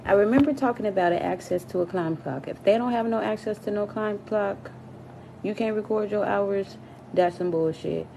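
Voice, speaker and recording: A woman vlogger telling a casual storytime rant, animated and profane, her voice jumping high and loud when she gets worked up. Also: normal speed, creaky, slight background noise, poor audio.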